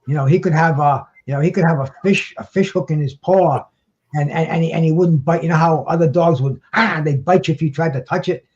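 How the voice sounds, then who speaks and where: A man's voice: on the high side, brisk, darkish tone. A man talking casually as a guest on a talk show, rambling with many restarts and casual swearing, heard over a dull lo-fi line. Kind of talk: casual chat. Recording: dull lo-fi sound.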